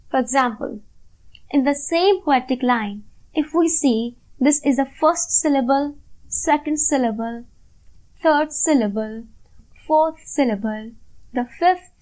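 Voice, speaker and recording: Slow, high-voiced woman teaching. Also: darkish tone, poor audio. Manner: slow and deliberate, stressing syllables one by one. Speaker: literature teacher. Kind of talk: recorded lecture over slides.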